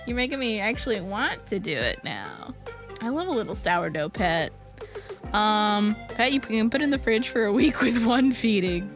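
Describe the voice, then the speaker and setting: A woman's voice: fairly high pitch, sing-song, music in the background. A young woman streamer, chatting casually and playfully with viewers, giggling often. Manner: giggly, playful, quick tangents. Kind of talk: casual live-stream chat reading viewer messages.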